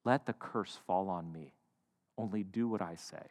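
A cold, scheming mother, as a male preacher puts her on, low and hushed as she gives orders. The echo of a large hall trails behind. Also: big pitch swings, normal speed. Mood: commanding. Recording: echoey hall.

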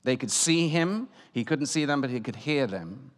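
A man giving a sermon as guest preacher, telling a story and swinging between loud and hushed delivery. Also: medium pitch, expressive, normal speed. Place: church. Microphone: room microphone. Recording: long church reverb.

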